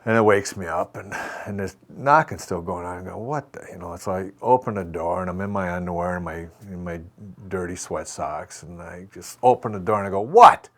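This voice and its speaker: A man in his sixties from Minnesota with a very low, deep voice spins loose, self-mocking stories in an interview. He tells them casually and acts out bits of dialogue. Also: a little fast. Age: 60s. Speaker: former hockey player and actor, guest. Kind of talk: casual anecdotal storytelling.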